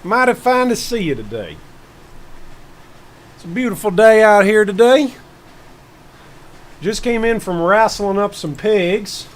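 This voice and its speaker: A man's voice: high-pitched, lively intonation, slight background noise. A man putting on the voice of a rambling old farmer with a Southern country accent, telling folksy stories on a game stream. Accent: put-on Southern US rural. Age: older. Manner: drawling, rambling folksy storytelling with slow emphatic pauses. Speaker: gaming streamer host in character. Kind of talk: comic character bit on a game stream.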